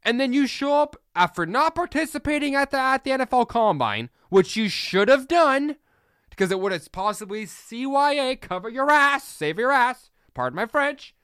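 Podcast host, man, fired-up blunt ranter, smooth higher voice, dry close mic. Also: a bit bright, dry recording. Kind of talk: opinionated solo podcast rant.

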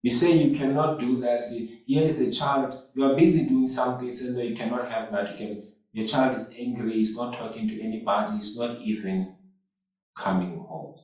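A man's voice: mid-range voice, a little mellow. A man preaching a sermon as pastor, repeating phrases and calling out to the congregation. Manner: slow, repetitive preaching with call-outs to the congregation. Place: church hall. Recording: echoey hall, mic far off.

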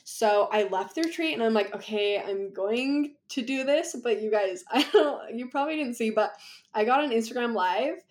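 Chatty woman, fairly high voice. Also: animated, brisk, darkish tone. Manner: chatty, rambling, laughs often. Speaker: podcast guest. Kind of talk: casual conversation.

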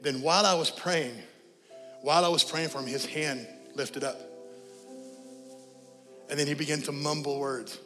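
Man, pastor, sermon, high voice, animated storytelling, long reverb, soft music behind. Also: normal speed, pauses often. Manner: animated storytelling, then a quiet prayerful altar call. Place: church sanctuary.

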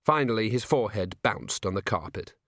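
Measured male audiobook narrator, dry. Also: fairly low pitch, animated, creaky, fairly bright tone, no echo. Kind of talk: scripted narration.

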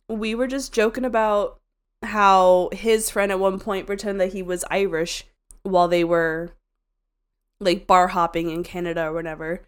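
A young woman co-hosting a podcast in casual chat, animated and laughing, often breaking into loud exclamations. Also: medium pitch, clear, resonant tone.

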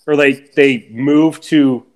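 A man's voice: mid-range voice, fairly even intonation, takes it slowly, darkish tone. A young man from Canada co-hosting a podcast, laid-back and teasing, talking with lots of fillers. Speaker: podcast co-host. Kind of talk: casual chat.

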